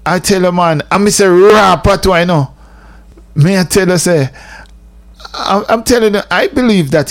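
Jamaican radio guy going on about stuff, slips between patois and english, kinda high voice, repeats himself a lot. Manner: mixes patois and English, emphatic, repetitive. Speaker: radio host. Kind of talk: casual radio monologue.

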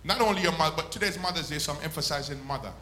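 A male pastor preaches in a high, bright, ringing voice. He swells up and then stretches words out slowly for emphasis. The sound bounces around an echoey church room. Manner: preaching with sudden swells and slow drawn-out emphasis. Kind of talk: sermon.

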